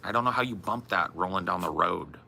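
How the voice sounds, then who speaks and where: Man, deep, gravelly, sharp forceful tone, rambling profane podcast rant. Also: animated, fairly quick, slight background noise. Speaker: podcast co-host. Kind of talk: casual comedic rant.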